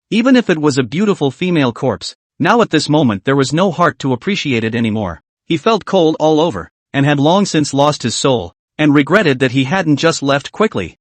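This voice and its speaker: A man's voice: on the high side, no room sound. A man narrating a manhwa recap in a dramatic storytelling manner.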